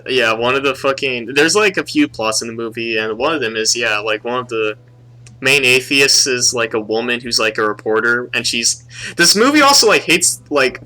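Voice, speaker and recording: A young man co-hosting a casual podcast, his voice bright and forceful. He talks in an animated way, swears often and jumps into high-pitched impressions of characters. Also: moderate pace. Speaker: podcast co-host. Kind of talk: casual movie review chat.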